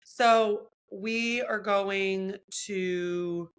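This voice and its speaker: A woman's voice: mid-range voice, drawn-out words, clean tone. A young woman co-hosting a podcast, chatting casually and acting out other people's lines as she tells stories. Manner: animated storytelling, acts out others' lines. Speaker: podcast co-host. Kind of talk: casual chat.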